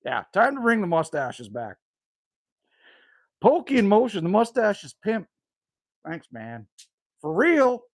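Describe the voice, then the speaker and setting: Older Canadian man, livestream host, high lively voice, dry close sound, chatty with viewers. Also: measured pace, pauses often, no room sound. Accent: Canadian, with bits of Newfoundland. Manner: chatty, reads out viewer names and answers them. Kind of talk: casual livestream chat with viewers. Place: cabin woodshed.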